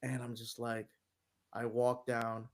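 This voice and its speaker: A man's voice: medium pitch, completely flat delivery, takes it slowly. A man from New York telling a long, rambling travel story in casual chat, swearing and laughing as he goes. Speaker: guest.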